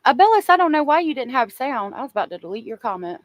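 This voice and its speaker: A woman's voice: high-pitched, big pitch swings, fast talker, no room sound. Woman chatting on a dry, close livestream. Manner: chatty, emotional, talks to viewers in chat. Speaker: true crime livestream host. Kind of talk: casual livestream chat.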